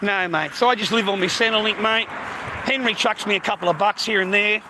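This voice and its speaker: An Australian man livestreams from a street, rambling to his viewers fairly quickly in a high-pitched voice. He swears a lot and calls everyone "mate," while passing traffic and street noise fill the background.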